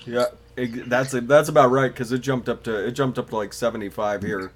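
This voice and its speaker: A man co-hosts a casual chat, stumbling through his sentences with many fillers. His audio carries steady background noise and clicks. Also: medium pitch, brisk. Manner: hesitant, full of fillers. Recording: noisy line with clicks.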